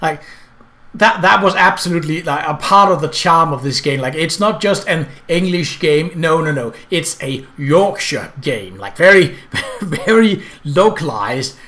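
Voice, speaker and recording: A man with a Danish accent talks through a video game in a loose, rambling way, full of "like" and "uh". His voice sits a little higher than most men's. He is a native Danish speaker chatting casually in English. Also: lively intonation, unhurried, pushed and bright. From Denmark. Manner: rambling, filler-heavy. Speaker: game commentator.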